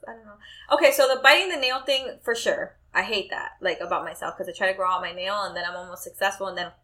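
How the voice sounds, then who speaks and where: Bright-voiced animated woman. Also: medium pitch, quick pace. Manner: animated storyteller, acts out quotes, swears casually. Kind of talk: casual chat.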